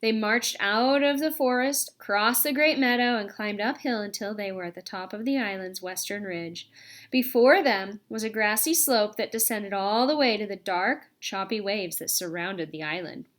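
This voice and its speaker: A woman narrating a children's storybook aloud in a gentle, expressive read-aloud way. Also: medium pitch, moderate pace. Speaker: audiobook reader.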